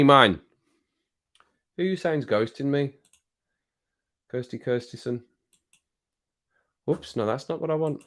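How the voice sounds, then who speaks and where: A man's voice: mid-range voice, animated, takes it slowly, long pauses, fairly bright tone. A man hosting a casual livestream, reading out viewer comments in a rambling, jokey way and getting worked up now and then. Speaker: livestream host.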